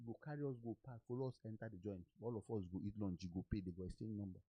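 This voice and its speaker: A man with a Nigerian accent, hosting a podcast and telling lively anecdotes, acting out the people he quotes. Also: on the low side, very fast, slightly rough, no room sound, dull audio. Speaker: podcast host. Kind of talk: casual storytelling chat.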